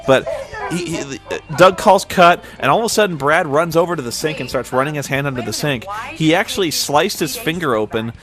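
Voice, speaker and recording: A man's voice: fairly high pitch, animated, a little fast. Rambling man over background music. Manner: rambling, many restarts and fillers, laughs often. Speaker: commentary host. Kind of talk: casual DVD commentary.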